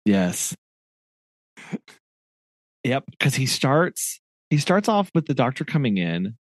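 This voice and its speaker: Lively-voiced man chatting about a book. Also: medium pitch, slow pace, dry recording. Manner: reads passages aloud, laughs often. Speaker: podcast co-host. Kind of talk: casual book discussion.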